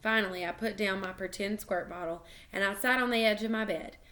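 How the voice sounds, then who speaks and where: A woman reads a children's chapter book aloud with a bright, clear voice. She tells it expressively and keeps going through small slips and restarts. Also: medium pitch, brisk. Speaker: reader.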